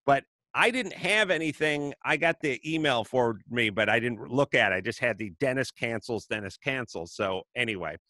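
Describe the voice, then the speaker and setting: A middle-aged man with a mid-range voice hosts a podcast, speaking at normal speed with hardly any pauses. He tells comedic stories casually and animatedly, acting out the voices of the people in them. The audio is studio quality with no echo.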